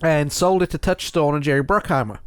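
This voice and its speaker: A man's voice: a little high, fairly quick, clear, resonant tone, dry recording, clean studio sound. A man hosting a casual podcast chat, rambling and tripping over words as he goes. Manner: rambling, stumbles and repeats words. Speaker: podcast host.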